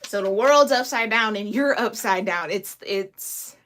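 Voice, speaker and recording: A woman's voice: mid-range voice, measured pace, a bit bright. A woman giving a casual, chatty tarot reading, slangy and laughing often. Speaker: tarot reader.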